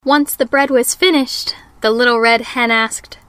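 A woman reading a children's story aloud with an unhurried, careful storybook delivery. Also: on the high side, fairly even intonation, sharp tone, smooth, no echo.

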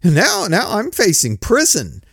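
A man giving an informal, blunt, plain-spoken sermon, swinging between loud outbursts and low mutters. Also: wildly swooping pitch, measured pace, vocal fry, breathy edge, dry recording, studio quality. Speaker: preacher.

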